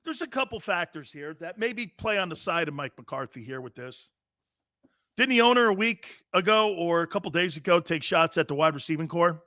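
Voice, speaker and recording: A man's voice: fairly high pitch, expressive, moderate pace, no room sound, clean studio sound. Brash middle-aged male sports talk host. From US Northeast. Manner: brash, loud, talks straight to chat viewers. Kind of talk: casual sports talk show rant.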